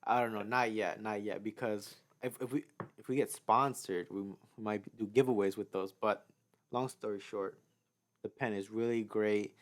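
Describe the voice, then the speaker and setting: A young male footwear designer co-hosting a casual podcast, easygoing and quick to chime in. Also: lowish voice, steady tone. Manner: easygoing, chimes in with short agreements. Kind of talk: casual chat.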